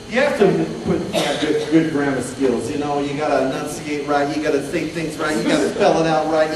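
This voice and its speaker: Joking male voice actor running a panel. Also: a little high. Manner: joking, chatty, directs volunteers. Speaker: voice actor leading a dubbing panel. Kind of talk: casual convention panel talk. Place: convention panel room. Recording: echoey room from far off, crowd noise. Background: audience murmur and laughter.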